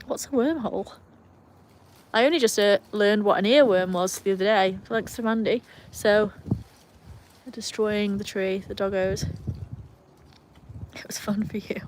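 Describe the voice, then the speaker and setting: A woman's voice: mid-range voice, measured pace, long pauses, a little mellow, a little hiss or hum. A young British woman talks casually into her phone on an outdoor live stream. Her chat wanders and pokes fun at herself, and she reads out her viewers' comments as she goes. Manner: chatty, self-mocking, reads viewer comments aloud. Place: outdoors in cold weather with her dogs.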